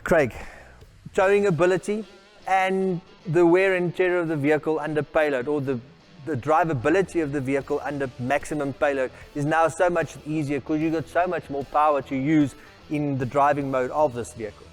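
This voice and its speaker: A man's voice: on the high side, fairly even intonation, moderate pace, soft background music. Formal salesy man presenting a van. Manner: formal, salesy, addresses people by name. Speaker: vehicle product presenter. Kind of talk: scripted product walkaround.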